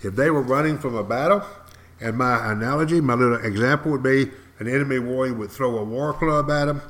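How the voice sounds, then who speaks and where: A man's voice: medium pitch, a little fast, a bit bright. An older man, teaching a history lesson to podcast listeners. He talks emphatically, repeats key words and asks his listeners questions. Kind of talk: lively classroom-style history talk to podcast listeners.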